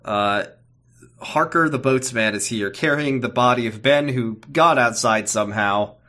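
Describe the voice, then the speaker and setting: A man's voice: mid-range voice, unhurried, pushed and bright. A man co-hosting a podcast, casually recapping an episode with jokes, laughter and swearing. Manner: jokey, laughs often, swears. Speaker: podcast co-host.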